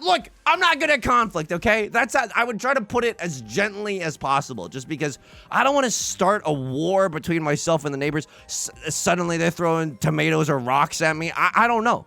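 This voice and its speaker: Male let's-play host, fairly high, gravelly edge, chatty and self-mocking, arguing with himself while gaming. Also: fairly quick, soft background music. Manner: animated, self-deprecating, talks back to himself. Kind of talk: casual gaming commentary. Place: home bedroom.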